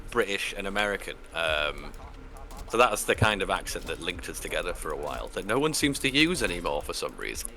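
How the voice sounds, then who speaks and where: A man chatting as a guest on a live stream, rambling and animated with many restarts. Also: deep voice, a little fast. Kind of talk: casual live-stream chat.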